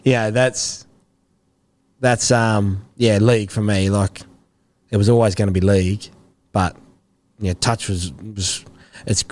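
A man in his thirties with an Australian accent, a former rugby league player telling rambling stories in a relaxed interview. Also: on the low side. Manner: laid-back, rambling anecdotes with slang. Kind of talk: casual interview storytelling.

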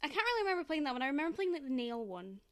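A young woman co-hosting a casual podcast chat, expressive and swearing casually, acting out mock quotes. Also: high voice, racing. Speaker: podcast co-host.

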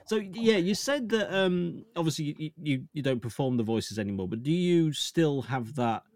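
A man interviewing a guest, asking hesitant, halting questions. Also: a little high, lively intonation, a little mellow, dry recording. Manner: hesitant questions, brief encouraging replies. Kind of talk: casual interview.

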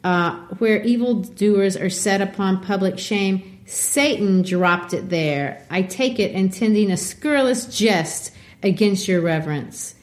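A woman's voice: medium pitch, a little slow, lightly acted. Woman putting on an old church caretaker, chatty, old-fashioned phrasing.

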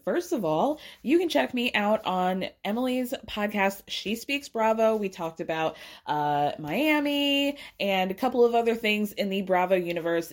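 Chatty woman hosting a podcast. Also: medium pitch. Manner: chatty, loose, with fillers. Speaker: podcast host. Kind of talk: casual chat.

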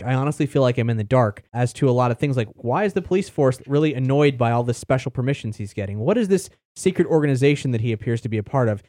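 A man's voice: mid-range voice, mellow, dry recording. Chatty, dry-sounding male podcast host. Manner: rambling and chatty, with casual swearing. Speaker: podcast host reviewing books. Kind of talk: casual chat.

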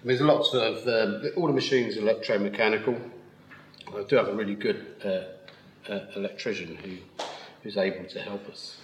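Man, low voice, easygoing mill owner, live interview, roomy festival recording, faint noise. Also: fairly even intonation, moderate pace. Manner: easygoing, laughs often. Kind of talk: live podcast interview, explaining his work.

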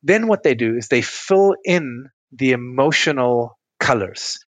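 A man's voice: medium pitch, animated, unhurried. Middle-aged male coach on a remote call: walks through client stories patiently, mid-range voice, no room echo. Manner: explanatory, tells client stories step by step. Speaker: relationship coach and podcast guest. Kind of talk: interview, explaining with stories.

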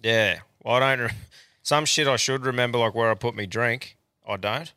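An Australian man hosting a podcast, chatting casually with relaxed, sweary banter. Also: mid-range voice, moderate pace, clean tone, dry recording, clean studio sound. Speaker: podcast host. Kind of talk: casual chat.

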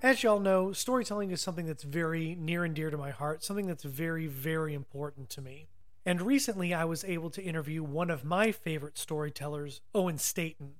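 A man's voice: on the high side, brisk, faint music behind. A man hosting a folklore podcast, introducing his guest with enthusiastic praise. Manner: warm, enthusiastic introductions, fond of y'all. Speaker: podcast host.

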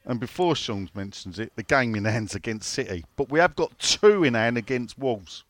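Man, podcast co-host, medium pitch, rambling, swears, dry close recording. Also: lively intonation, normal speed, no room sound. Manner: rambling, swears freely, reads listener questions. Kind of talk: casual football podcast chat.

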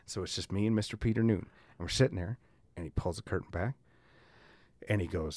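Speaking fairly quickly but with long pauses, this man has a lowish voice and no echo around him. He co-hosts a podcast, spinning animated, profane stories in loose chat peppered with "like" and "man."

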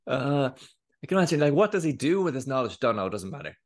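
A man co-hosting a casual podcast, telling stories in a relaxed way with wry humour. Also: mid-range voice, quick pace. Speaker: podcast co-host.

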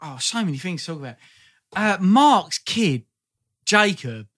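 High, bright, boisterous man. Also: sing-song, unhurried. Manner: boisterous, sweary, rambling. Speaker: co-host. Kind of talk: casual chat.

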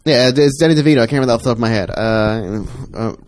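A man's voice: mid-range voice, very fast, darkish tone. A man in casual podcast chat, rambling and swearing as he retells a movie trailer. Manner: profane, rambling, acts out voices. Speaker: podcast co-host.

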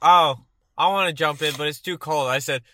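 A man's voice: a little high, moderate pace, no echo. A man in his twenties from Texas, telling a story in a casual podcast chat, laughing often and acting out the voices in it. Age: 20s. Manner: laughing, animated storyteller who acts out voices. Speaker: podcast co-host. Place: in a car.

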